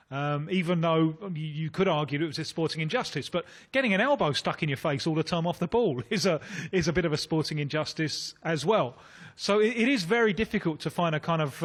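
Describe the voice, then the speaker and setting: A man's voice: fairly high pitch, a bit bright. A man with a British accent, a football pundit in a radio phone-in, talking in a hesitant way with repeated words. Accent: British English.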